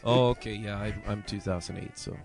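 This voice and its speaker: Sheepish man with a low voice. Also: steady tone, vocal fry, a little mellow, faint music behind. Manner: hesitant, sheepish, halting with fillers. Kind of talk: casual banter among friends.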